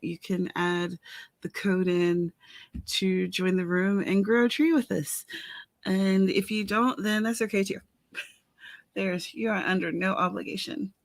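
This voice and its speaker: An author runs a casual writing livestream, speaking in a gravelly, mid-range voice through a headset mic. She chats with viewers, greets them by name, and complains that her eye keeps watering. The recording is dry.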